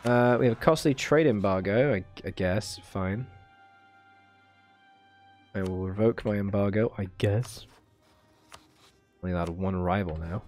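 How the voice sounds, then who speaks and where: A man's voice: fairly low pitch, darkish tone. A man hosting a strategy game video, commentating casually, joking, and talking to his units as he plays. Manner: playful, muttering, talks to units in game. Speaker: gaming video host. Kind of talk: let's play commentary.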